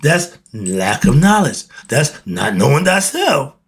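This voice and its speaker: A man's voice: mid-range voice, sing-song, slow pace. A man, giving a casual, blunt monologue, often laughing and asking and answering his own questions. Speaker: host of a philosophy talk channel.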